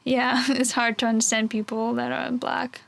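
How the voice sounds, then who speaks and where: A woman's voice: on the high side, normal speed, creaky, no echo. A young woman in her twenties answering questions in a casual, chatty way, with many fillers. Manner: chatty, filler-heavy, relaxed. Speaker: interviewee.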